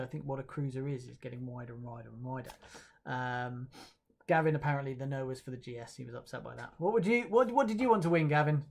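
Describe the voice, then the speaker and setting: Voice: mid-range voice, darkish tone. A presenter announcing awards on a livestream, chatting in a casual, hesitant way with lots of fillers and light self-mocking jokes while reading viewer comments.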